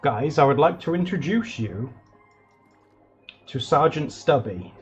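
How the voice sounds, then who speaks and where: Rambly streamer guy, kinda husky, dull lo-fi mic, faint music behind. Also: a little high, a little slow. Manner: rambling, excitable, lots of fillers. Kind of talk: casual live-stream chat while drawing.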